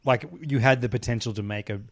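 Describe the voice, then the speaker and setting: A man co-hosting a podcast in casual chat, chiming in with dry, sweary remarks and quick questions. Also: mid-range voice, fairly even intonation. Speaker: podcast co-host.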